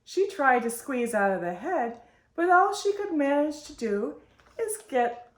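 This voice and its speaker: Woman reading a storybook aloud, slow and lively pitch, roomy echo. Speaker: storytime host. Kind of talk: reading a picture book aloud.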